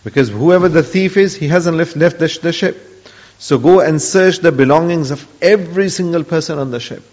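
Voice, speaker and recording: A man's voice: a little high, moderate pace, a little mellow, natural voice. A man voicing a stern, commanding ship captain within a spoken story. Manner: barking orders. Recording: dull lo-fi audio with long hall reverb.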